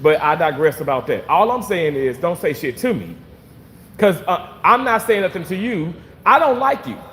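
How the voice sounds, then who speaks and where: A man casually venting to his viewers, animated and swearing freely, repeating himself for emphasis. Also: on the high side, normal speed, in a large hall, slight background noise. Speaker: vlogger reading live chat.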